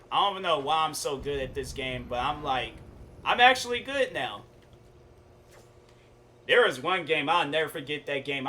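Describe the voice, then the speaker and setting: Bright-voiced laid-back young male streamer. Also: fairly high pitch, slight background noise. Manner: laid-back, chatty, storytelling with slang. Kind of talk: casual gaming stream chat.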